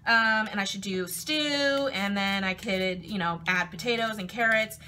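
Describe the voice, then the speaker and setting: A woman's voice: mid-range voice, a little slow, pushed and bright, a little hiss or hum. A woman chatting playfully while cooking in her home kitchen, talking to her food as she goes. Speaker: cooking vlogger. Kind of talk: casual chat while cooking.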